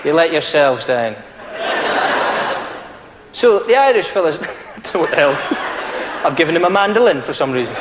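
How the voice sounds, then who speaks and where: A Scottish man does stand-up on a large theatre stage, telling his stories in an animated way and slipping into daft voices. His voice sits high for a man. The hall rings with a long reverb, and loud crowd laughter rolls over him. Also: moderate pace, pauses often, very noisy. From Scotland. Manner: animated storyteller doing silly voices. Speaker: stand-up comedian. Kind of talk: stand-up comedy. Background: audience laughter.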